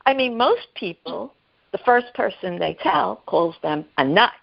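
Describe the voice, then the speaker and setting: A woman telling an emotional personal story as a guest, halting and repeating herself, acting out the voices of the people she quotes. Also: mid-range voice, animated, vocal fry, highs cut off. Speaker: guest sharing her story. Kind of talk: emotional personal testimony on a podcast.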